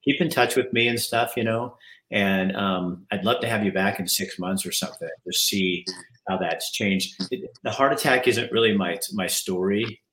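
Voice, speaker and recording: Host: middle-aged man, very low voice, earnest and candid, echoey room. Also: moderate pace, a bit bright, a little hiss or hum. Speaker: podcast host. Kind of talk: heartfelt interview chat. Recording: roomy echo.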